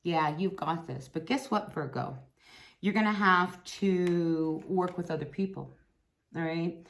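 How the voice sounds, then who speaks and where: A woman's voice: fairly low pitch, measured pace. A woman giving a casual, chatty tarot reading, encouraging and blunt, often tagging lines with "right?" and "you know". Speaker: tarot reader.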